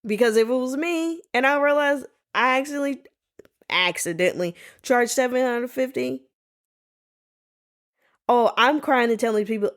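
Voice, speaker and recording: Sassy animated woman podcast host. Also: high-pitched, moderate pace, pauses often. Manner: sassy, animated storytelling with playful voices for others; colloquial, says "y'all" and "baby". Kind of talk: casual solo podcast chat.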